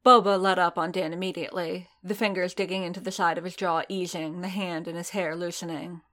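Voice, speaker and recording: A woman reading a piece of fan fiction aloud in steady, measured storytelling. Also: fairly low pitch. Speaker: audiobook narrator.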